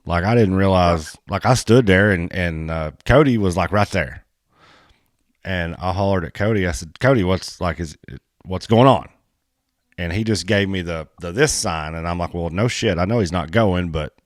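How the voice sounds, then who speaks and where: Blunt low-voiced man, dry sound. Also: moderate pace, no echo. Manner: animated and blunt, swears freely. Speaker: podcast co-host and race filmer. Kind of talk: casual podcast chat.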